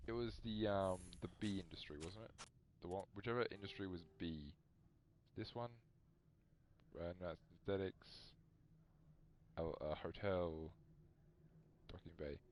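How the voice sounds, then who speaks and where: A man's voice: low-pitched, unhurried, pauses often, darkish tone, slight background noise. A man chatting casually while streaming a video game, rambling and poking fun at himself. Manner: rambling, self-mocking, chatty. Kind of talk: casual live-stream chat.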